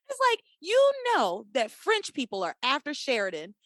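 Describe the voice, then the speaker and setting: Animated, profane woman podcast host. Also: sits high, measured pace, dry recording. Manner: animated, profane, laughs often, acts out characters' lines. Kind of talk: casual chat recapping a soap opera.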